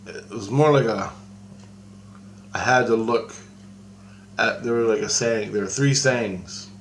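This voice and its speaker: A man with a fairly low voice tells a long personal story in a loose, casual way. He stops, restarts and circles back often, dropping in the odd swear word, with a faint hum under the recording. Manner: rambling and halting, with frequent restarts and casual swearing. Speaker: storyteller recounting a personal experience. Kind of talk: casual spoken anecdote.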